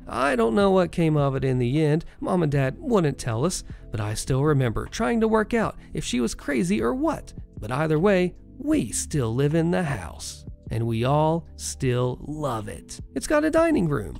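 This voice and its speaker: A narrator reading online stories aloud in an expressive, animated way. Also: medium pitch, moderate pace, gravelly, hardly any pauses, soft background music.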